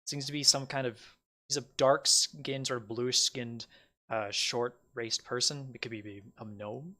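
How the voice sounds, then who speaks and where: Bright-voiced man running a tabletop game. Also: medium pitch, fairly even intonation, measured pace. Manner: loose, rambling narration with many fillers. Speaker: game master.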